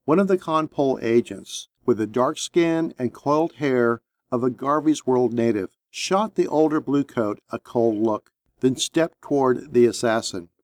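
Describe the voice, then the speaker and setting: A man narrates a tense action story in a steady, measured reading voice of middle pitch. The recording is close and dry, with no room sound. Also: no room sound. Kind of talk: audiobook narration.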